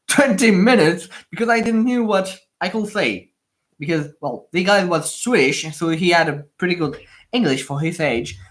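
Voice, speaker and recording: A young man with a French accent chats through a casual livestream. His speech rambles, with frequent fillers, restarts and repeated words as he reacts to viewers. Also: sits high. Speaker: livestream host building Lego.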